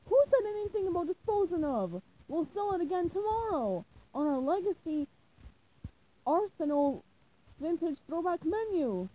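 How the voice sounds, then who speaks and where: A woman voicing a greedy, gruff old male crab who runs a diner, booming and money-loving, in a storybook reading. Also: expressive, normal speed, dark tone, poor audio. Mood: stingy.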